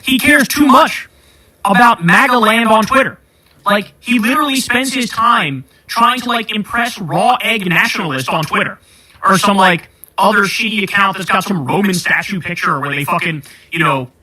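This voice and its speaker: A man's voice: high-pitched, moderate pace, bright, forceful tone, poor audio. A man hosting a podcast, ranting about politics in a heated, sarcastic and profane way. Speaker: podcast host.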